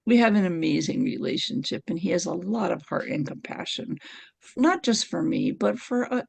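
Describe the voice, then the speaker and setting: A middle-aged woman appears as a guest on a podcast, sharing stories with lively energy and lots of laughter. Her gravelly voice rises and falls sharply in pitch, and the recording is close and dry with no sense of a room around her.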